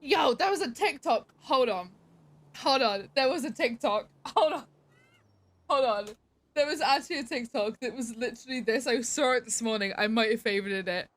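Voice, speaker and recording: A woman's voice: on the high side, brisk. A woman livestreamer chatting casually with her viewers, emphatic, swearing freely and laughing often. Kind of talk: casual chat to stream viewers.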